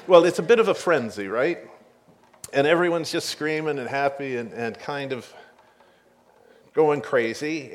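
During a sermon, a medium-pitched male pastor reads from scripture. His animated retelling of the story shifts back and forth from quiet, hushed moments to loud ones.

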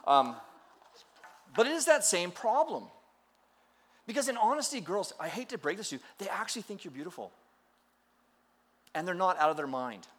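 Middle-aged male pastor, animated sermon storyteller, pitch rising and falling freely, joking at his own expense. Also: normal speed, long pauses. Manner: storytelling with playful acted quotes and self-deprecating humor.

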